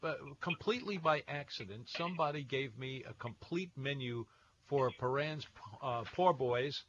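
A man hosting a radio call-in show, talking in a relaxed way with plenty of pauses and fillers. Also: mid-range voice, dull audio, a little hiss or hum. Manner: relaxed, hesitant with many fillers.

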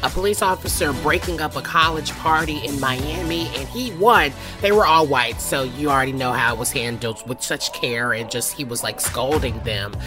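A woman's voice: very deep voice, normal speed, few pauses, music in the background. A woman co-hosting a news chat show, outspoken and sassy. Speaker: co-host.

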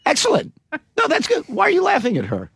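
A man hosting a casual talk show, animated and teasing, quick to laugh. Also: very high-pitched, gravelly, no echo. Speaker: radio show host. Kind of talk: casual chat.

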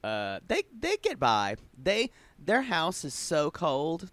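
A man's voice: fairly high pitch, huge pitch swings, slow pace, fairly bright tone. A young man from South Carolina co-hosting a podcast in casual chat, campy and sassy, swearing freely. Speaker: podcast co-host. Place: Los Angeles home.

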